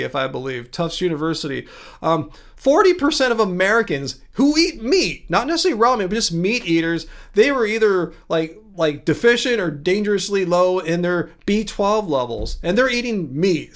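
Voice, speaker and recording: A man's voice: high voice, fairly bright tone. A man hosting a casual livestream, chatting, laughing often and answering viewers in the chat. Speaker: livestream host.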